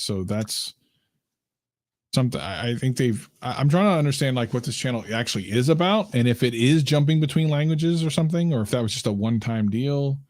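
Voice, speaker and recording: A man's voice: mid-range voice, a little mellow, dry recording, clean studio sound. A man co-hosting a live stream, questioning and analytical in casual chat. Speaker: livestream co-host.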